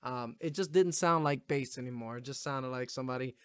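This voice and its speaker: A man's voice: medium pitch, a little fast, fairly bright tone, clean tone. A man giving casual, rambling commentary while reacting to music, swearing often and yawning now and then. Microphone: gaming headphones setup.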